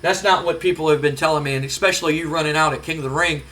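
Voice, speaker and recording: A man's voice: on the high side, steady tone, racing, pushed and bright. A man playing a stern snobbish older father. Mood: scolding. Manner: scolding, stammering.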